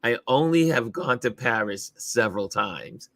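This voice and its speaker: An upbeat, chatty man hosts a casual live stream and laughs easily between his words. His voice sits at an ordinary pitch, and the sound is dry and close, with no room echo. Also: lively intonation, a little slow, fairly bright tone. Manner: upbeat, chatty, laughs often while greeting viewers. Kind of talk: casual chat.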